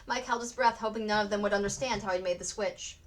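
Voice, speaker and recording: A woman teacher reading a novel aloud for students in an expressive storybook narration. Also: medium pitch, quick pace. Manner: expressive, acts out the characters.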